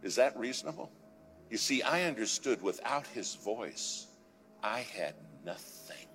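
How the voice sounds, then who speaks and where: A man giving a sermon as a guest speaker, telling a dramatic story, swinging from loud urging to a hushed whisper. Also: mid-range voice, animated, unhurried. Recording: long hall reverb with faint music.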